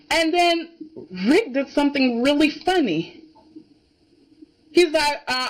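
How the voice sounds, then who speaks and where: A woman's voice: sits high, measured pace, long pauses. A woman giving a casual, indignant reaction review of a soap opera, emphatic and keeps asking "okay?".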